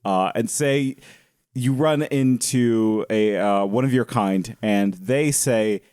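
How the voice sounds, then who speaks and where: A man's voice: fairly low pitch, slow, a little mellow, clean tone, no echo, studio quality. A man co-hosting a podcast, tipsy and giggling through casual jokes. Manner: giggly, joking. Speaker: podcast co-host.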